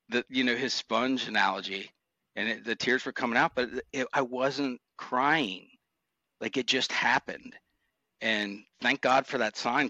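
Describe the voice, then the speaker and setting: A man's voice: mid-range voice, pushed and bright, no echo, dull audio. A man, a former motorcycle cop, telling earnest, reflective stories from his police career in an interview. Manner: earnest, reflective, emotional recollection. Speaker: retired motor cop guest. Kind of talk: candid interview storytelling.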